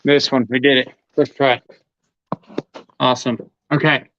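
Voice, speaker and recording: A man's voice: medium pitch, little pitch movement, unhurried, long pauses. Chatty man in a dull lo-fi livestream. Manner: casual, chatty, talks while handling gear. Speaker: host demonstrating tools. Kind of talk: live tool demonstration.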